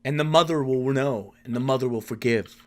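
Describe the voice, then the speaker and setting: A man's voice: mid-range voice, fairly quick, darkish tone, natural voice. A man voicing a solemn male vampire harbinger who preaches in an intoning way.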